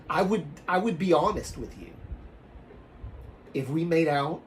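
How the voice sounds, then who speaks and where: A man's voice: on the high side, animated, slow pace, slight background noise. A man with a Southern US accent telling a story on a livestream in a rambling, casual way, often restarting and trailing off. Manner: rambling, frequent self-restarts, trailing off softly.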